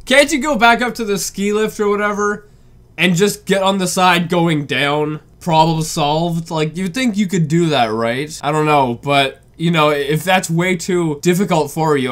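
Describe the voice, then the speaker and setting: A young man comments casually on a video, incredulous and rambling, with frequent restarts and repeated questions. His voice sits a bit high for a man. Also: a bit bright.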